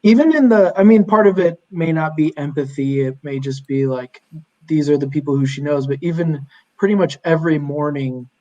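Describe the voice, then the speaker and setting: A man's voice: a little high, normal speed, lo-fi sound. Chatty young man telling stories. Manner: chatty, animated storytelling, lots of fillers. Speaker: podcast guest. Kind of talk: casual chat.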